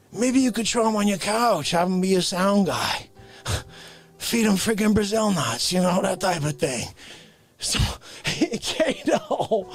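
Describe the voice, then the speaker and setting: A shrill, manic older man barks demands and rambles on, as a man puts him on, his voice leaping all over the place. He is a bossy comic loudmouth with a slow, dragging delivery and a high, strained pitch.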